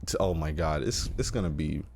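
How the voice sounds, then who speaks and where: A young man from Brooklyn, New York, co-hosting a podcast in casual, joking chat with quick asides. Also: very deep voice, expressive, creaky, a little mellow, a little hiss or hum. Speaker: podcast co-host. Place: indoor room, wearing a fursuit.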